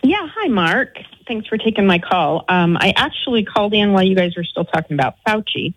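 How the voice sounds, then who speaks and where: A woman's voice: mid-range voice, sing-song, fairly quick, breathy edge, dry recording, rough recording. A woman from Utah calling in to a radio show, friendly and chatty with indignant asides. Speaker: caller. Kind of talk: call-in radio chat.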